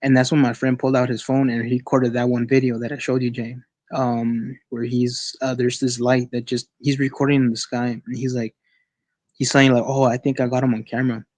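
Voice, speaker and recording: A man sharing a personal experience as a guest on an online call, in a casual, halting way with many restarts and repeated words. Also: mid-range voice, flat delivery, darkish tone, dry recording.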